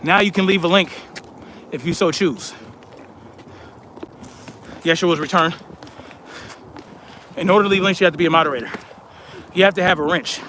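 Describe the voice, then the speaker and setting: Bright and forceful, this man's high voice carries a live stream where he chats and reads out viewer comments. He's blunt and conversational, stretching words for emphasis, and there's a little hiss or hum in the audio.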